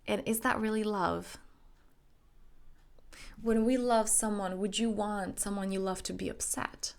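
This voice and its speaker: A woman's voice: medium pitch, fairly even intonation, unhurried, creaky. A young adult woman, a life coach, giving an emphatic motivational self-help talk, acting out her own inner dialogue.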